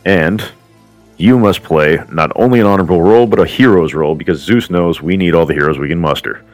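Brief: man voicing a proud warrior prince, deep, pompous but foul-mouthed. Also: brisk, no echo, soft background music, close to an everyday voice. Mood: scolding. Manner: grandly formal speech broken by crude swearing. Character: boastful proud male Trojan warrior prince, crude.

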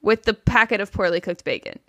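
A woman's voice: medium pitch, lively intonation, a little fast, fairly bright tone, no room sound. A woman co-hosting a podcast, bubbly and laughing often as she runs a game segment. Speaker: podcast co-host. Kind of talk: casual podcast chat.

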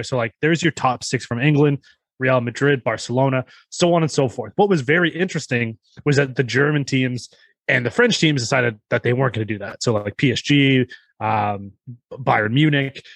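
A man's voice: medium pitch, fairly bright tone, dry recording. Male co-host, chatty explainer, meandering delivery, dead-dry recording. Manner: rambling explainer, teasing, many fillers. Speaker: podcast co-host. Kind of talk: casual podcast chat.

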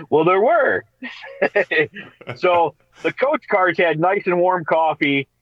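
Animated storyteller man on radio. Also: high voice, extremely slow, no echo, muffled recording. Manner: animated, laughs through his stories. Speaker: radio show co-host. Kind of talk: casual storytelling chat.

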